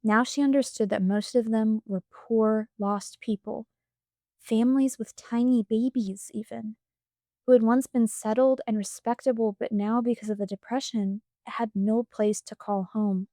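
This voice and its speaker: A woman reading a storybook audiobook aloud in a calm, measured way on a close microphone. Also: a little high, dry recording. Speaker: audiobook reader.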